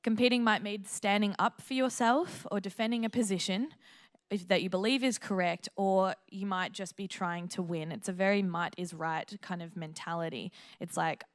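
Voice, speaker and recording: A young woman with an Australian accent giving a sermon from a church stage. She talks in a chatty, joking way, often laughs, and breaks into lively quoted asides. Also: medium pitch, moderate pace. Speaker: church speaker.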